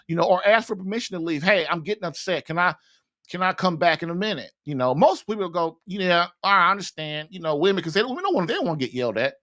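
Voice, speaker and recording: A man's voice: sits high, fairly bright tone. A man hosting a marriage-advice show, talking in a blunt, folksy, rambling way. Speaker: podcast host, marriage advice. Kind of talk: casual advice monologue.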